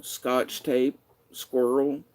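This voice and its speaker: Male vlogger, dark mellow voice, angry profane rant over old messages. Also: mid-range voice, flat delivery, very slow, rough recording. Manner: bitter and profane, reading out messages.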